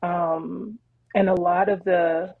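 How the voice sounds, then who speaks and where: Husky low-voiced woman telling a story. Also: slow, no echo, narrow, tinny audio. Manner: animated, laughing storyteller. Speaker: podcast co-host. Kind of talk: casual chat retelling a Bible story.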